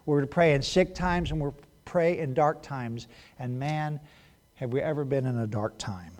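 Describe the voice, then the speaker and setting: A male pastor giving a sermon in a conversational way, moving between hushed moments and animated bursts. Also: mid-range voice, normal speed.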